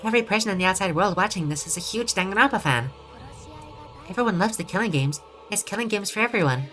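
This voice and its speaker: A woman voicing a mischievous male bear headmaster in a game, gloating and taunting in a put-on lower voice. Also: lively intonation, quick pace, fairly bright tone, faint music behind, close to an everyday voice.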